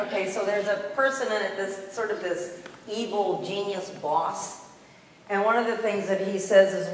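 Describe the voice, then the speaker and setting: A woman on a church's congregational life staff delivers an earnest, emphatic sermon in the sanctuary, repeating key phrases. Her medium-pitched voice is steady and at normal speed, and the distant mic picks up an echoey hall with a little hiss or hum.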